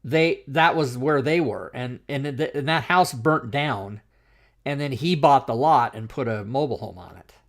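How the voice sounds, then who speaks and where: A man's voice: medium pitch, normal speed. Middle-aged man telling a profane story. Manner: animated, profane anecdote-telling with fillers. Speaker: talk show host. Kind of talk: casual storytelling chat.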